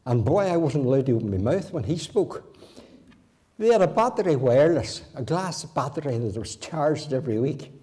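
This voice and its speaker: A man's voice: mid-range voice, very animated, normal speed, warm tone. A man in his eighties with a Northern Irish accent, preaching in a church and weaving homely childhood stories into his sermon, with the odd restart. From Northern Ireland. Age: 80s. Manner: homely anecdotes with occasional restarts. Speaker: guest preacher. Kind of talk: folksy storytelling sermon.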